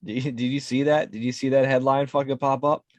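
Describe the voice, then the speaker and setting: A man's voice: medium pitch, little pitch movement, fairly quick, a little mellow. A man co-hosting a podcast, profane and mocking, laughing through his stories. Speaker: podcast co-host. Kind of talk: casual chat.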